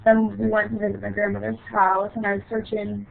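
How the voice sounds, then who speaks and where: Woman storyteller, gravelly, halting short phrases; tinny phone-like recording. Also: medium pitch, completely flat delivery. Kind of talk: personal childhood story.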